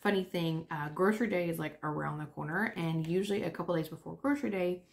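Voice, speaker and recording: Young woman, lower pitch, relaxed vlog chatter between bites. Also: fast, gravelly. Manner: chatty, talks while eating. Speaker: vlogger. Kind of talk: casual chat.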